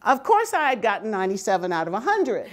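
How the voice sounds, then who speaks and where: An older woman giving a personal storytelling talk, animated and often laughing as she speaks. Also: medium pitch, fast.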